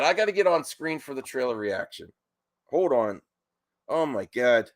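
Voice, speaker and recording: A man hosting a live stream reaction, excited and worked up, often stopping himself mid-sentence. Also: mid-range voice, moderate pace. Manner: excited, restless, keeps interrupting himself. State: nervous and worked up.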